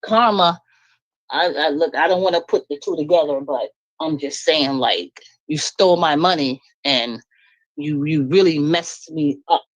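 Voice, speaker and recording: Woman, middle-aged, blunt, animated, laughs often, live-stream chat, dry close sound. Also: measured pace, no room sound, muffled recording. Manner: blunt and animated, laughs often, swings high when indignant. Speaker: guest speaking on a live stream.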